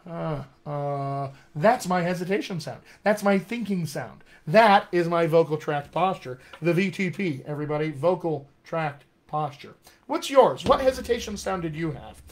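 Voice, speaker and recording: A man with a General American accent, teaching accents in a live-streamed lesson with an energetic, emphatic manner. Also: fairly high pitch, normal speed. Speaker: dialect coach. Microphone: webcam or phone mic.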